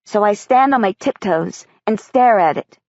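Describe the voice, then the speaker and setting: A woman reading a first-person audiobook in a measured, quiet way. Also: mid-range voice, expressive, no room sound, lo-fi sound. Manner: measured, quiet child's-eye telling. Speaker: audiobook narrator.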